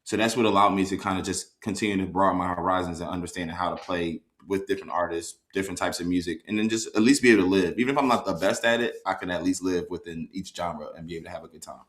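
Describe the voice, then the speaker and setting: A male guest with a very deep voice who talks quickly. He chats in an easygoing, casual way, leaning on fillers as he explains his music career. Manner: relaxed, easygoing, with fillers like "like" and "you know". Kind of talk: casual interview chat.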